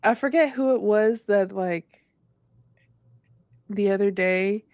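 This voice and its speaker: A woman's voice: medium pitch, takes it slowly, a little mellow, no echo, studio quality. A young woman from South Florida, co-hosting a casual chat, telling stories and laughing often. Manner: chatty storyteller who laughs often. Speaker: podcast co-host. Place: home in Miami.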